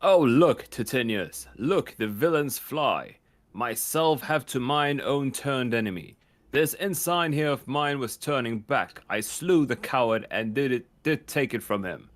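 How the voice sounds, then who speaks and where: A proud, weary Roman general, read by a man. He speaks in a middle pitch at a slow pace and trips over the names in a casual read-along. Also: lively intonation, natural voice. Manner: halting reading with stumbles over names.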